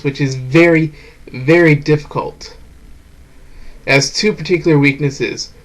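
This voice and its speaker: A man's voice: on the high side, rough recording. A man hosting a game review, talking casually over gameplay footage, frank and prone to swearing when frustrated.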